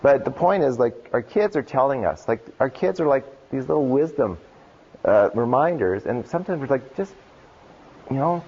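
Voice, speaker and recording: A man's voice: medium pitch, moderate pace, slightly rough. A man giving a keynote talk at a conference, telling stories casually with lots of "like" and acting out the voices of the people he quotes. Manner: animated storyteller, acts out quoted voices, casual "like" fillers. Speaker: keynote speaker. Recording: dull lo-fi conference recording.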